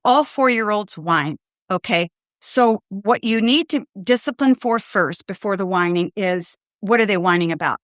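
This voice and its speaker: A woman's voice: mid-range voice, lively intonation, normal speed, no echo, clean studio sound. An older woman, a pediatrician hosting a podcast, giving direct, good-humored parenting advice to callers. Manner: direct, warm-humored, acts out kids and parents in quotes. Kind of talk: advice show, answering callers.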